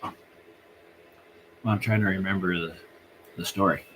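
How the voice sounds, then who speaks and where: Rambling live-stream host, a man, low voice, faint hiss behind. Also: steady tone. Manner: rambling and halting, circling back. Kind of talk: casual live-stream storytelling.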